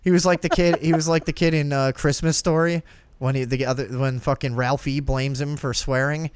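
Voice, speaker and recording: A man's voice: a little high, steady tone, a little fast, clear, resonant tone, dry recording. A young man hosting a casual talk show, telling a long anecdote with lots of swearing and laughter, acting out the voices in it. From Downers Grove, Illinois area. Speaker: podcast host. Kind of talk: casual storytelling chat.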